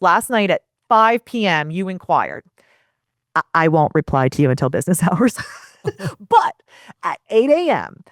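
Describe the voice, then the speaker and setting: Guesting on a podcast for a casual interview chat, a property management founder speaks in an energetic, animated way, acting out example messages as she explains. Her mid-range voice sounds clear and resonant, with clean studio sound and no echo.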